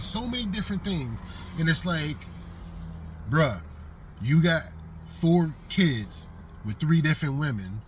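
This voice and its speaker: A middle-aged man holds forth in a blunt, casual monologue, his voice sitting a little high for a man. He talks emphatically, profane and streetwise. Faint vehicle noise hums behind him. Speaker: vlogger.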